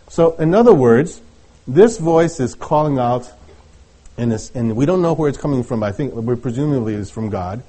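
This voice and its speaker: Brief: middle-aged male pastor, husky tone, casual stop-start sermon delivery. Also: mid-range voice, animated, mellow. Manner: conversational, halting with many restarts and light laughs.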